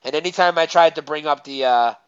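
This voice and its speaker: A man chatting as a guest, his voice sitting a bit high and turning animated as he rambles on. The sound is muffled and lo-fi. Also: fairly quick, smooth. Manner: animated, rambling, laughs while talking. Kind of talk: casual chat. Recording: muffled lo-fi audio.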